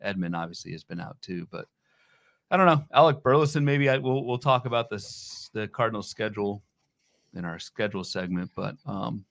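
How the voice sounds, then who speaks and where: A man's voice: fairly low pitch, expressive, fairly quick, gravelly, a bit bright, no room sound. Man co-host with a dry close sound. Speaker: fantasy baseball podcast co-host. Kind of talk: casual sports chat.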